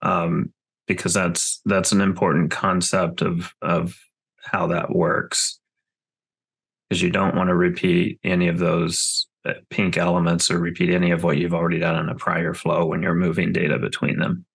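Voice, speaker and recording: A man in a user group meeting adding a comment, halting and repeating his words with fillers. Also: sits low, flat delivery, creaky, a bit bright, breathy edge.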